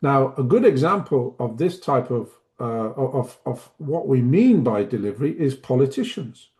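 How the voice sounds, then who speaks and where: A middle-aged man giving a teaching webinar, speaking deliberately and demonstrating pace and emphasis as he explains. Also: medium pitch, sing-song, a little mellow. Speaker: webinar presenter, language teacher trainer.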